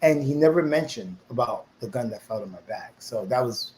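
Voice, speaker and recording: A man's voice: medium pitch, fairly quick, rough recording. A middle-aged man, telling his life story as an interview guest and acting out the voices of people he quotes. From New York, USA. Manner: animated storyteller who acts out quoted voices.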